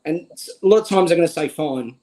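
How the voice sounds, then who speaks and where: A man's voice: fairly high pitch, lively intonation, quick pace, mellow, low-quality recording. A young man with an Australian accent, speaking earnestly as a guest in a livestream conversation and often repeating a word as he starts a thought. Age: young adult.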